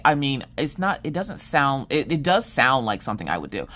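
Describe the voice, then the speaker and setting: A woman's voice: low voice, moderate pace, few pauses. A woman in her thirties, casually telling a family story and acting out her family's lines in a jokey way. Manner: animated, jokey, acts out family members' lines. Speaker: vlogger telling family stories.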